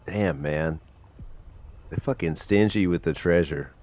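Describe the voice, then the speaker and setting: A man's voice: low voice, unhurried, darkish tone. A young man streaming a game, muttering profane commentary to himself with bursts of exasperation and an occasional cough. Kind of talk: live gameplay commentary.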